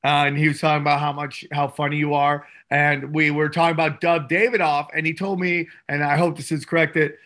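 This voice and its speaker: A podcast co-host with a bright, sharp voice that sits a little high. He jokes crudely and gets excitable as he chats. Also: a little fast, hardly any pauses. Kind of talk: casual comedic chat.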